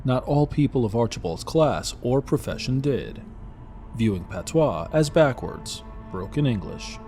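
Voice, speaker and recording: A man narrates a horror short story at a measured pace, reading it as a script. His voice is mid-pitched, dark and mellow. A faint music bed sits under his words. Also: expressive. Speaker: narrator, podcast host.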